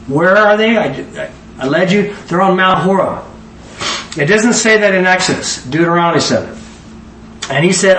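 Preacher guy, slightly high voice, chatty bible study, echoey room, mic far off. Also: lively intonation, moderate pace, fairly bright tone. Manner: conversational, asks the audience questions. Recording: echoey room, distant mic, faint background noise.

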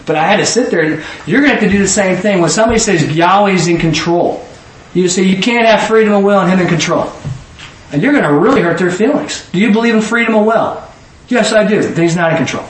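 A man preaching a sermon in a church hall, animated, sometimes rising to a shout and acting out both sides of conversations. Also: high-pitched, fast. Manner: animated, rising to shouts, quoting people in dialogue. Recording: echoey room from far off, faint noise.

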